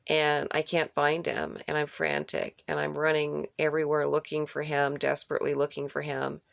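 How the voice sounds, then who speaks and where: Low, gravelly woman for an unscripted dream-retelling vlog; rambling delivery that repeats key phrases, dry close sound. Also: moderate pace, dry recording. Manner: rambling, with restarts and searching for words. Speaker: vlogger recounting a dream.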